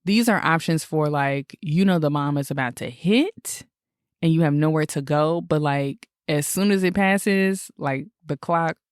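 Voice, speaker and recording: A woman with a low, dry-sounding voice co-hosts a casual podcast. She vents in exasperated, animated rants and swears freely. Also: unhurried, clean tone, no echo. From Michigan, USA. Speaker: podcast co-host.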